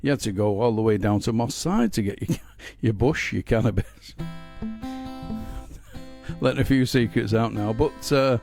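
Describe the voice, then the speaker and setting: Over music, a middle-aged singer-songwriter with a Manchester-area Northern English accent chats casually between songs on his live home stream. His mid-range voice is gravelly, at normal speed with frequent pauses, and he's a blunt, rambling storyteller full of humor, fillers and restarts.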